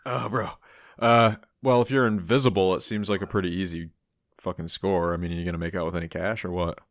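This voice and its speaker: A man's voice: low voice, fairly even intonation, a little fast, dry recording. A man playing a tabletop game, laid-back with dry humor and casual swearing. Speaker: player.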